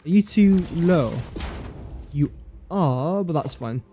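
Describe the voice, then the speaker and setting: A man with a fairly high but mellow voice chats through a game livestream. He is playful and teasing, scolds the objects in his game and pokes fun at himself. Soft music plays faintly behind him. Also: animated, slow pace. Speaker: game streamer. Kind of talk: casual gameplay livestream chat.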